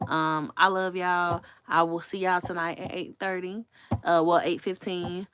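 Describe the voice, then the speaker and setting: A woman's voice: on the low side, flat delivery, a little slow, a bit bright, a little hiss or hum. A woman hosting a casual livestream, chatting candidly with her viewers and swearing freely. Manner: talks straight to viewers. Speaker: livestream host.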